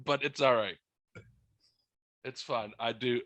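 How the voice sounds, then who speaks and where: Animated, swearing man telling a story. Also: medium pitch, slow pace, dry recording. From United States. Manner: animated storytelling, heavy swearing, acts out his own yelling. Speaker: podcast host. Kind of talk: casual podcast chat.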